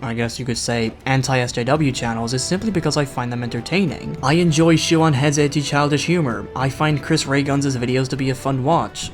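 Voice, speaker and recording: A young man delivering a scripted video critique, sarcastic and mocking. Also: mid-range voice. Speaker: YouTube critic.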